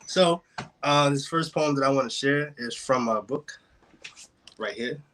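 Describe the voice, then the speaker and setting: Bright-voiced man performing spoken word. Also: mid-range voice, unhurried, a little hiss or hum. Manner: rhythmic, builds in intensity, uses wordplay. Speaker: open mic poet. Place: home, joining a virtual open mic. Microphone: video call.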